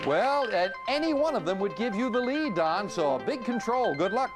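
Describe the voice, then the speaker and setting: A man's voice: sits high, sing-song, normal speed, over loud music. A man hosting a quiz show, reading clues and joking with the contestants. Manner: jovial, playful banter with contestants. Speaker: game show host. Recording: 1980s TV broadcast with loud audience and noise.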